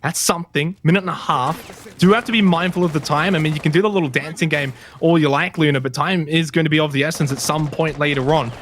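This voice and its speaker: A man casting an esports match, losing his voice and shouting at the big plays. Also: a little high, steady tone, fast talker, a little hiss or hum. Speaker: esports caster. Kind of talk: play-by-play commentary.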